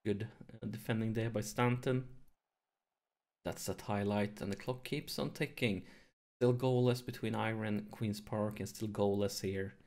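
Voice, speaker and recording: A man hosting a let's play, commentating his football management game, nervous and excited, keeping his voice down at home late in the evening. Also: on the low side. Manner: excitable, nervous, talks to viewers; deliberately holds his voice down to avoid waking neighbors.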